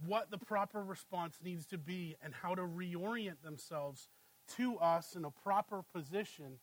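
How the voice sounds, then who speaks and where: A man's voice: high-pitched, no echo, low-quality recording. A man in his thirties preaching a sermon in a conversational way, telling family stories and often asking "right?". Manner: conversational, asks "right?" often, animated when storytelling. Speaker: pastor.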